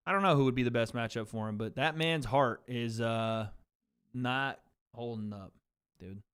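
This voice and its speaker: A man's voice: mid-range voice, normal speed, fairly bright tone, clear, resonant tone. A man hosting a livestream watch party, riffing on chat in blunt, profane casual commentary. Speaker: livestream host.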